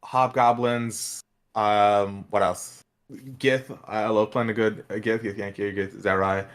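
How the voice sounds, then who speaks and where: A man's voice: lowish voice, little pitch movement, slow. A man in casual podcast chat, talking hesitantly with many fillers. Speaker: podcast cast member.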